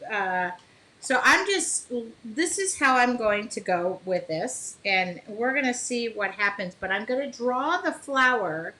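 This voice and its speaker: A woman's voice: on the high side, expressive, measured pace, sharp tone, low-quality recording. A woman hosting a casual live painting demo, chatting with viewers by name and apologizing for small slips as she works. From Michigan.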